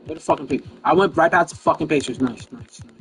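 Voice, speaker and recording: Fed-up gamer guy on stream, swearing, says the same thing again and again, kinda high voice. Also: quick pace, a little hiss or hum, low-quality recording. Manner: frustrated, profane, repeats the same phrase over and over. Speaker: streamer playing a basketball video game. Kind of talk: casual gaming livestream talk.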